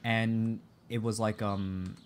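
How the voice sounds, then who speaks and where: A man's voice: on the low side, level tone, slow pace, slight background noise. A man streaming a game, chatting casually in a rambling, stammering, profane way. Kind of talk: casual live-stream chat. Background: game music.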